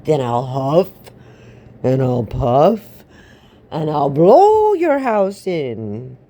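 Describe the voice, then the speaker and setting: Woman doing a slow booming big bad wolf. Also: big pitch swings, warm tone, full character voice. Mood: threatening. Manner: slow, drawn-out, booming threats. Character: big bad male wolf, blustering and threatening.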